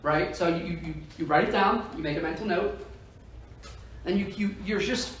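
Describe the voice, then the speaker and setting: This is a high-pitched male voice at normal speed, fairly bright, with a little hiss or hum on the audio. He's training insurance agents in sales with a motivational, emphatic talk, repeatedly asking "right?" The room echoes and he sounds far from the mic.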